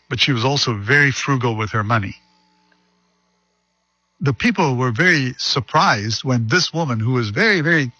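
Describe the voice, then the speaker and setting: A man pastor preaching a sermon, reading scripture slowly and deliberately and telling a story. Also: medium pitch, sharp tone, husky, no room sound, muffled recording.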